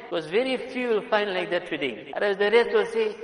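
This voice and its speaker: A man's voice: sits high, brisk. Earnest male preacher in an echoey hall. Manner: earnest and emphatic, swings between soft and loud. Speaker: Islamic preacher. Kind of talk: sermon. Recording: echoey hall with long reverb.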